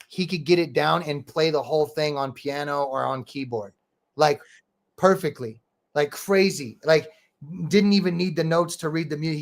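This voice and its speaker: A man's voice: a little high, gravelly. A man hosting a podcast, telling stories in a rambling, profane way, full of "bro" and "dude". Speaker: podcast host and rapper. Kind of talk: casual storytelling chat.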